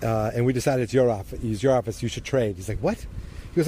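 Talking fast in a warm tone, a man rambles outdoors through a casual recap of a TV episode, near sprinklers that are turning on. He acts out the characters' lines with sudden jumps in pitch, over slight background noise.

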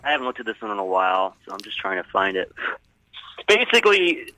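A man's voice: on the low side, sing-song, fast talker, sharp tone, low-quality recording. A man in casual chat, telling a story in a rambling, hesitant way with lots of fillers. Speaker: guest storyteller.

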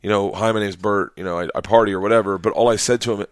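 A man's voice: fairly low pitch, fairly even intonation, very fast, dry recording, studio quality. A man telling a wild story as a guest comedian, swearing freely, laughing mid-sentence and acting out the people he quotes. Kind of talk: animated storytelling.

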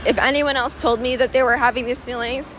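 A woman's voice: high voice, fairly even intonation, brisk, noisy background. Woman rambling emotionally outdoors. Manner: raw, emotional, rambling with frequent fillers. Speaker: vlogger. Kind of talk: candid personal vlog monologue.

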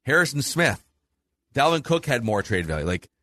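A man's voice: mid-range voice, sing-song, moderate pace, sharp tone. A man hosting a casual sports talk show, laying out poll results and asking his co-host for views. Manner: analytical, runs polls and asks questions. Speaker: podcast host.

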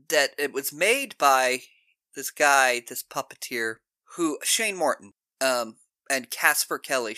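A man's voice: mid-range voice, no echo. A man co-hosting a podcast, retelling movie scenes in a casual, laughing way. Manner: animated, laughing storyteller. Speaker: podcast co-host. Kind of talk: casual film discussion.

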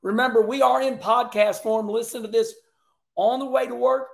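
High gravelly-voiced man hosting commentary. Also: moderate pace, reverberant. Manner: animated, emphatic, repeats himself. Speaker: host. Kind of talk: casual race commentary.

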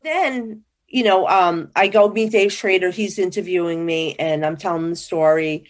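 Chatty woman guest, jumps into voices when she quotes people, lively storyteller. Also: lowish voice, normal speed. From New Jersey. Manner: animated, acts out quoted dialogue. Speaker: guest psychic. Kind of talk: casual interview storytelling.

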